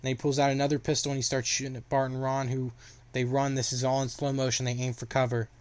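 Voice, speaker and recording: Monotone young man recapping a story. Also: mid-range voice, fast talker. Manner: rambling, filler-heavy retelling with restarts.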